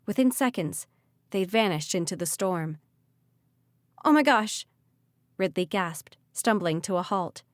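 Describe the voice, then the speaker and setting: A woman's voice: fairly low pitch, moderate pace, no room sound. Woman narrating an audiobook, dry and close. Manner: expressive, vivid reading.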